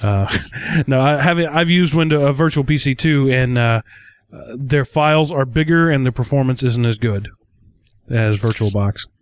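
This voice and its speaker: A man's voice: medium pitch, normal speed, smooth, no echo. A man hosting a casual tech podcast who jokes and asks the panel questions. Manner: relaxed, joking, asks the others questions. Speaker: podcast host.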